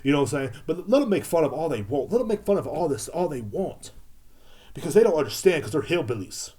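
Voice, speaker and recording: A man playing a self-righteous, foul-mouthed adult man in a loud, repetitive satirical rant. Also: a little high, big pitch swings, quick pace, breathy edge. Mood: indignant. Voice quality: loud, emphatic, swearing, repetitive.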